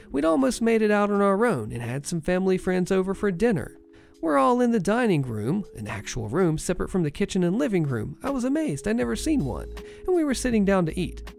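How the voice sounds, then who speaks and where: A narrator reading online stories aloud in an expressive, animated way. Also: medium pitch, vocal fry.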